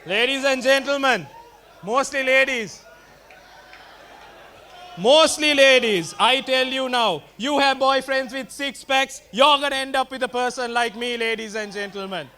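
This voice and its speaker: A young man tells a stand-up story in a loose, rambling, self-mocking way. His voice sits very high and sounds bright and forceful, and he keeps turning to address the crowd directly. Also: fairly even intonation, moderate pace, few pauses, slight background noise. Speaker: stand-up comedian.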